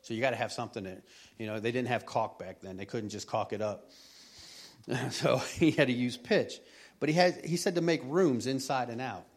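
A man's voice: mid-range voice, normal speed. Rambling middle-aged man preaching. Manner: rambling, repeats words, folksy. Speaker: lay preacher. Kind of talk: conversational sermon.

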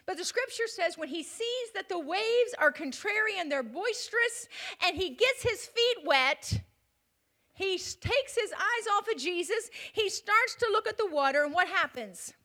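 High, bright-voiced woman preaching. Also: expressive, a little slow. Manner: dramatic swings from loud to hushed whisper. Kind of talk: sermon.

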